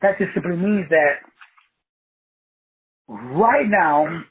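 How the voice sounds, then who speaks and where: A man's voice: high voice, lively intonation, very slow, slightly rough. A man hosting a talk show, giving a preachy motivational monologue full of wordplay and repeated phrases. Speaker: podcast host. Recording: tinny phone-like line.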